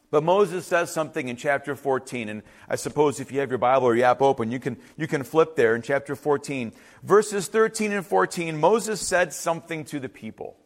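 A man preaching a sermon, animated and conversational, acting out the people he quotes with quick asides. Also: a little high. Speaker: pastor.

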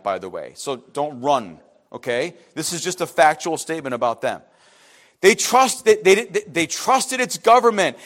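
A man preaching a sermon as pastor, passionate and animated, breaking off for quick asides to the congregation. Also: high voice.

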